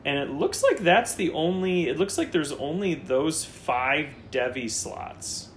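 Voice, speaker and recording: A man hosting a casual fantasy football chat, reading through a roster in quick lists and joking with his co-host. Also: a little high, a little hiss or hum. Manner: lively, lists players in quick runs, jokey.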